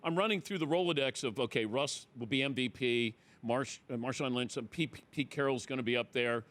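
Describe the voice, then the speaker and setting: A middle-aged man hosting a talk show, telling a story in casual chat and acting out the people he quotes with loud, high exclamations. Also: fairly quick. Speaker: radio show host.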